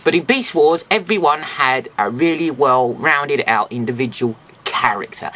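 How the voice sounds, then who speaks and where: A man's voice: medium pitch, normal speed, few pauses, bright, forceful tone. A man with a slightly stuffy, nasal voice, chatting casually through a toy review with rambling, jokey asides.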